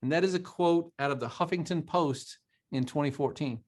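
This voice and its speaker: A man's voice: fairly high pitch, moderate pace. Brief: man with a raised voice, preachy motivational co-host, drives points home through repetition. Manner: emphatic, preachy, quotes scripture; repeats phrases for emphasis. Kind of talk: motivational talk show.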